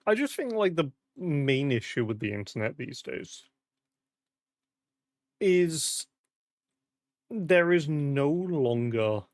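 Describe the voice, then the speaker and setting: This young British streamer has a slightly high, sing-song, darkish voice, taking it slowly with long pauses and no echo. He rambles casually, curses frequently, leans on fillers, and his voice cracks in the heat.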